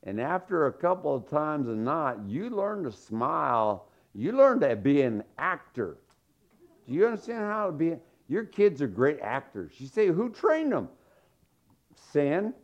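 A man's voice: a little high, big pitch swings, measured pace. A man preaching a sermon in a folksy, joking storytelling manner. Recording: dull lo-fi sermon recording.

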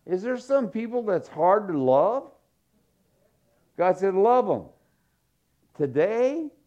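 A man's voice: high voice, sing-song, slow, warm tone. A man preaching a sermon in a folksy, joking storytelling manner. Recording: dull lo-fi sermon recording.

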